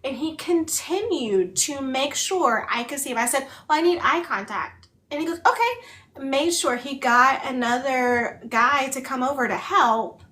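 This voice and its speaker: A woman's voice: high-pitched, measured pace, hardly any pauses, bright, forceful tone. A woman co-hosting a book club, chatting casually in a rambling way full of filler words while she also signs. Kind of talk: casual chat.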